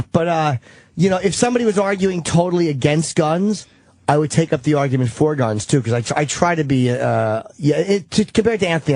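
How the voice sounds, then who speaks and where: Speaking into a studio microphone, a radio host with a somewhat high, darkish voice keeps things casual and profane. He rambles and often restarts his sentences to correct himself.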